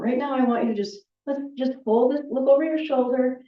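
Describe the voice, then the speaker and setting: A woman leading a qigong movement class, calmly cueing each breath with chatty asides. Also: high voice, a little fast, few pauses. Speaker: qigong instructor. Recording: roomy, distant, dull audio.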